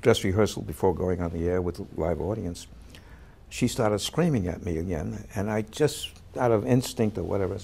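A man, an actor, telling a backstage anecdote in an interview, lively as he acts out the voices of the people in the story. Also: deep voice, moderate pace. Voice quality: gravelly, husky. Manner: animated storyteller who acts out quoted voices.

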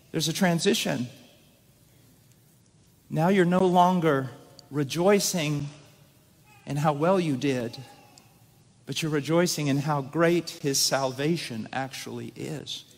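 A middle-aged male preacher with a notably high voice delivers a dramatic sermon. He swings from loud, urgent emphasis to quiet intensity. His voice carries the long reverb of a big church hall. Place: church sanctuary.

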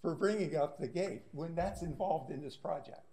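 A man speaking as a resident at a public meeting, insistent and halting, with many fillers. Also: fairly high pitch, dark tone. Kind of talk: heated public comment.

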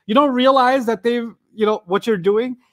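Give me an animated, joking middle-aged male lecturer with a fairly high voice. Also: moderate pace, dry recording, studio quality. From Pakistan. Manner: animated, humorous, conversational. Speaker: Quran lecturer. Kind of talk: storytelling sermon lecture.

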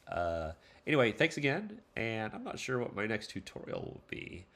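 A man with a very low voice walks through a casual screen tutorial. He rambles in a relaxed, playful way, dropping lots of fillers and side comments as he goes. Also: moderate pace. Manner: loose and rambling, many fillers, playful asides. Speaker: tutorial host.

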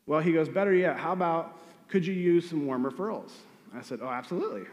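A man's voice: on the high side, expressive, fast talker, a little mellow, big-room sound. A man who is a real estate agent, giving direct coaching advice to newer agents and asking rhetorical questions. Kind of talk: motivational advice talk.

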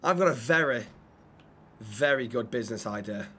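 A British man talking in character in a role-play game, eagerly pitching ideas and stumbling over his words. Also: animated, moderate pace, pushed and bright, a little hiss or hum.

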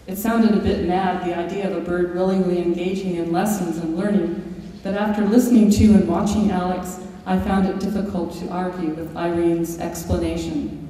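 Her voice is fairly low and mellow, with little pitch movement, at normal speed. An author lecturing in a large hall, she reads from her book and shares stories with occasional fillers and restarts, recorded from a distant mic amid echo.

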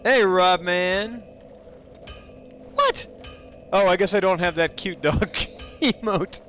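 A man streaming a game live, chatting playfully with viewers and breaking into sudden high exclamations. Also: takes it slowly, a bit bright, faint music behind. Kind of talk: casual live-stream chat while playing.

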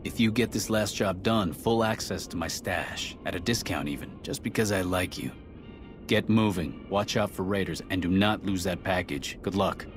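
An actor playing a gruff, businesslike black-market dealer in a video game. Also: male voice, deep voice, normal speed, music in the background, lightly acted.

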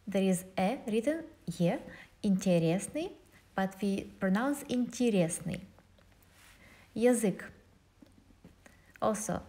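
A woman's voice: medium pitch, a little mellow. A woman with a Russian accent, a native Russian speaker, teaching an online language lesson and carefully modeling pronunciations. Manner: methodical, spells out and models pronunciations slowly.

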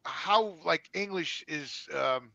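Bright, dry-voiced ranting man. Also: a little high, slow, creaky, no echo, lo-fi sound. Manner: rambling, animated storytelling with cursing. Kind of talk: casual chat.

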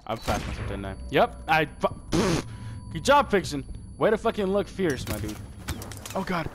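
A young man commentates his own shooter match, rambling and cursing, then getting wildly excitable. His voice sits a bit high and swings a lot in pitch. Game gunfire and clicks run loud behind him. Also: normal speed. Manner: rambling, swearing, trash-talking, excitable. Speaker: gamer streaming commentary. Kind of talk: profane live gameplay commentary. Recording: noisy gameplay audio with gunfire.

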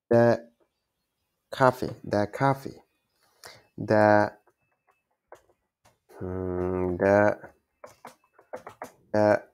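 Low slow guy w/ a gravelly voice, keeps repeating words n fixing himself. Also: darkish tone. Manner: halting, repeats words, self-correcting. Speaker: language learner teaching German basics. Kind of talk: informal self-taught lesson.

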